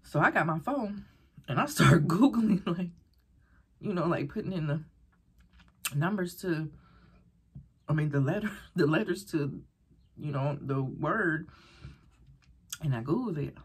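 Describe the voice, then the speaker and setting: A woman vlogger casually telling a story while eating, animated and rambling, acting out the voices of people she quotes. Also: sits low, a little slow, long pauses. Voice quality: very breathy, husky.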